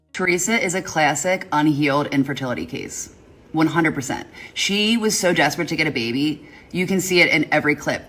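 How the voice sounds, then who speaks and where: A woman's voice: lowish voice, fairly bright tone, breathy edge. A woman giving her opinions in a casual video, emphatic and indignant.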